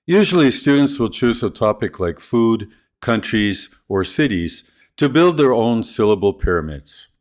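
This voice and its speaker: A man narrating a scripted video on teaching pronunciation, speaking in a clear, deliberate, instructional way. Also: fairly low pitch, sing-song, a little mellow. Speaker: ESL teacher trainer.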